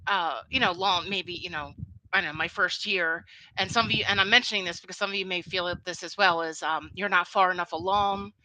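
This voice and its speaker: Interview guest: chatty woman, Philadelphia accent, bright crisp tone, dry close sound. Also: mid-range voice, no echo, low-quality recording. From Philadelphia, United States. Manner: chatty and upbeat, laughs often. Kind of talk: casual interview chat.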